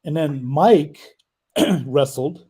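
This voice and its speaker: A man's voice: on the high side, very slow, warm tone, husky. A man hosting a casual wrestling chat, rambling and hesitant, often trailing off mid-thought. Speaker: podcast host.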